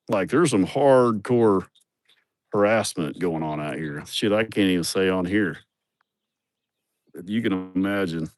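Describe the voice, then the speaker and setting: A man with a voice on the low side, recorded with no echo, livestreams from an outdoor building site on a handheld phone. Chatting casually, he tells profane stories in a joking, blunt manner.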